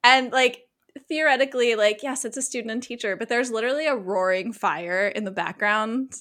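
A woman recapping a TV episode in casual podcast chat, animated and frank, swearing freely. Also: a little high, moderate pace.

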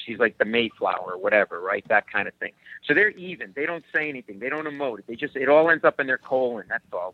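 A man, a comedian guest telling animated stories in casual chat and laughing along. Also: medium pitch, dry recording, phone-quality sound. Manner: animated joke-telling storyteller, puts on voices and laughs.

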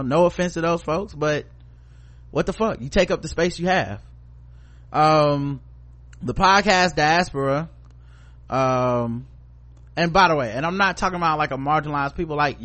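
A man's voice: a little high, normal speed, fairly bright tone. A man co-hosting a podcast in casual chat, giving blunt, profane, opinionated commentary. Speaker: podcast co-host.

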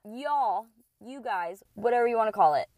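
A woman in her thirties hosting a solo podcast, telling stories in a blunt, profane, animated way and quoting other people. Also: fairly high pitch, moderate pace, no echo. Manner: blunt, profane, animated retelling with quoted voices. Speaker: podcast host. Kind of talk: casual solo podcast storytelling.

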